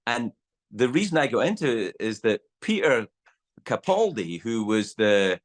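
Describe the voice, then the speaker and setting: Animated man telling stories. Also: medium pitch, a little slow. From Scotland. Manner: animated storyteller, acts out voices. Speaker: guest. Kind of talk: casual storytelling in a podcast chat.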